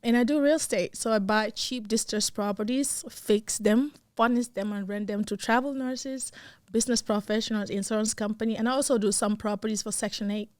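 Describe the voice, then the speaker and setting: Woman guest from West Africa, eager and giggly, higher pitch, dry close mic. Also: fairly even intonation, a little fast, darkish tone, dry recording. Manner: enthusiastic, giggly, self-described nerd. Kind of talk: casual interview chat. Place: studio set.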